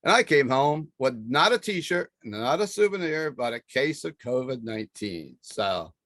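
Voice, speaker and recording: A man's voice: medium pitch, lively intonation, measured pace, fairly bright tone, no echo. A man hosting a casual panel chat, rambling and chatty with fillers and restarts. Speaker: podcast host.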